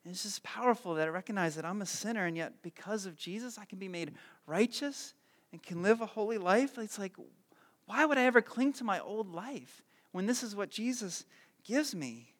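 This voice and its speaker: Brief: man, thirties, pastor preaching, high voice, humble and heartfelt, big reverberant sanctuary. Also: lively intonation, normal speed, fairly bright tone. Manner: self-deprecating storyteller, earnest and heartfelt. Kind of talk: sermon with personal story. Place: church sanctuary. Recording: long hall reverb.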